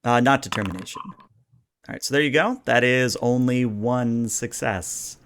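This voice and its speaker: A man running a tabletop game as game master, explaining rules and narrating in a relaxed, chatty way. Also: medium pitch, a little slow, a little hiss or hum.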